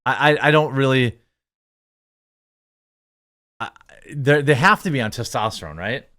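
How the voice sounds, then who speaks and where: A man's voice: mid-range voice, a little slow, pushed and bright. A man hosting an online commentary video, reading article excerpts aloud and answering them with mocking, indignant remarks. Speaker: commentary channel host.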